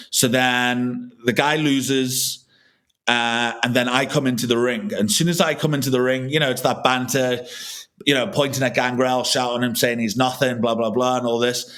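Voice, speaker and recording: A man's voice: medium pitch, a bit bright. A man, a filmmaker guest on a podcast, telling a long casual anecdote full of swearing and restarts.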